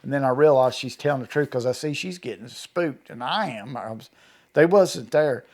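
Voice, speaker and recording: A middle-aged Kentucky man, appearing as an eyewitness guest in a storytelling interview, speaks in a mid-range voice at a moderate pace. He spins his tale in a folksy, rural style and acts out the dialogue of the people involved.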